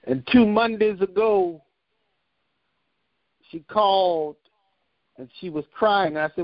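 A man preaching a sermon, telling a personal story with a measured, repetitive cadence. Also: on the high side, no echo, lo-fi sound.

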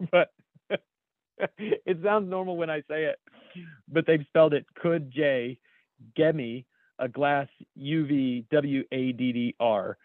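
An American man co-hosts a casual chat, reading memes aloud and laughing as he goes. His voice sits a little high. It comes through a dry, tinny, phone-like line. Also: unhurried, dry recording. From United States. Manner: laughs often while reading. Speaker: podcast co-host.

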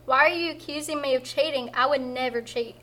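A boastful male rabbit from a storybook folktale, drawing out his words as he brags, as a woman reads his part. The voice sits high and bright, heard from a little distance off. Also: brisk.

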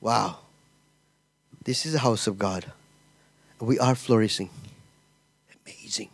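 A man's voice: fairly low pitch, slow pace, vocal fry, breathy edge. A man preaching a sermon as pastor, telling a personal story with emotion, laughter and many repetitions.

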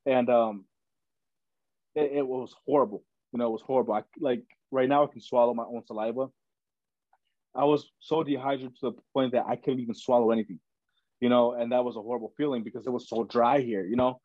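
With a medium-pitched voice and fairly even intonation, a young man speaks a little fast as a podcast guest, casually telling his story and saying "man" and "bro" a lot. The recording is dull, dry, lo-fi and free of room sound.

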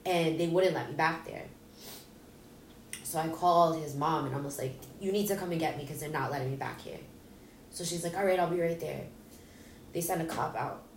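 A woman guest with a low-pitched voice speaks at a moderate pace with long pauses, telling an emotional personal story in a raw, blunt way, swearing and acting out what people said. Roomy echo, faint ambience, a distant mic and a little hiss or hum mark the recording.

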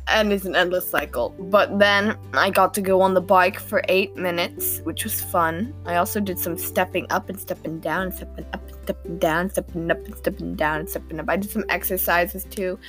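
Teenage girl, podcast host, casual rambling diary talk, self-deprecating, giggly, lowish voice, faint background music. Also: steady tone, normal speed, hardly any pauses, fairly bright tone. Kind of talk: casual diary-style monologue.

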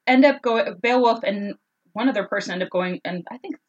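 A woman's voice: medium pitch, fairly quick, dull audio, background noise. A woman co-hosting a casual podcast, retelling an old story in a chatty, joking way. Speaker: podcast co-host.

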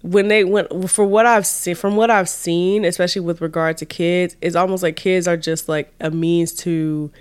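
Woman podcast host, casual chat, low voice, smooth and clear, dry close sound, lots of "like". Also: fairly even intonation, normal speed, few pauses, dry recording. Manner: chatty, heavy on "like", thinks aloud.

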